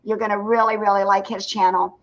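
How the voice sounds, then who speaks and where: A woman's voice: medium pitch, level tone, brisk, a bit bright, dull audio. An older woman hosting a casual live stream from her porch, chatty and greeting viewers by name. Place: home porch.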